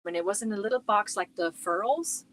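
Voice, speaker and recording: A woman's voice: medium pitch, moderate pace, fairly bright tone. A middle-aged woman chatting casually on her crochet livestream from home, rambling and talking to viewers by name.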